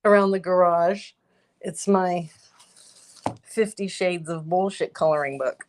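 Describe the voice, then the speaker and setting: A woman's voice: on the low side, measured pace, darkish tone. A woman co-hosting a casual live stream, speaking plainly and swearing casually.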